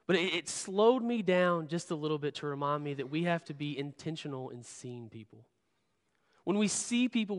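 A man's voice: on the high side, fairly bright tone, big-room sound. A man preaching a sermon, telling a candid personal story and often repeating words as he stresses a point. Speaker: pastor. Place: church sanctuary.

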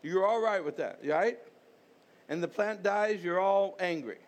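High-voiced man preaching a sermon. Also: unhurried. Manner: conversational preaching with repetitions and rhetorical questions. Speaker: pastor.

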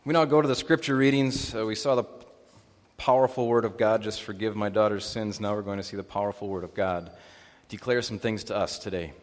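A man serving as pastor, leading a baptism liturgy, prayers and a scripture reading in a solemn, measured way inside a church. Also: fairly low pitch. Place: church sanctuary. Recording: long reverb of a church hall.

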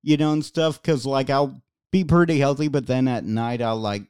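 A man's voice: fairly even intonation, normal speed, darkish tone, smooth, no room sound, clean studio sound. A young man co-hosting a casual podcast, laughing often and joking. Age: young adult. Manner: laughs a lot, jokey, does squeaky mock voices. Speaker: podcast co-host. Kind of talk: casual chat.

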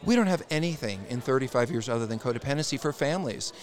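A man's voice: mid-range voice, animated, fast talker. A man appearing as a therapist guest on a podcast, speaking with blunt, emphatic conviction. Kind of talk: casual interview.

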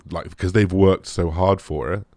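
A man's voice: low voice, steady tone, moderate pace, darkish tone, no room sound, studio quality. A young man, a bodybuilder, answering viewer questions in a rambling casual chat, full of fillers and the odd swear.

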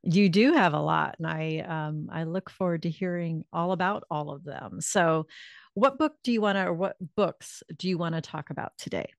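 A woman's voice: on the low side, moderate pace, gravelly, no room sound. A woman hosting a casual interview, attentive and encouraging. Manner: attentive, short encouraging replies. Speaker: interviewer host.

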